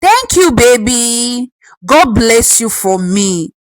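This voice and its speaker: A woman's voice: on the high side, big pitch swings, slow pace, no room sound, rough recording. Woman voicing a scheming stepmother. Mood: sweet. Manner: sugary to her husband, mutters angrily alone. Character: scheming young stepmother, sweet then bitter.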